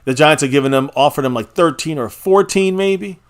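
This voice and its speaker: A man's voice: fairly high pitch, a little fast. A man hosting a live fan stream, chatting casually and opinionatedly, rambling with restarts and chuckles. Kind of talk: casual sports fan chat.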